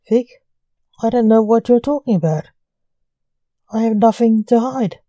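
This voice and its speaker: A man's voice: high-pitched, measured pace, dark tone, dry recording, muffled recording. A woman voicing a famous male stage illusionist who grows defensive and frightened under a caller's threats.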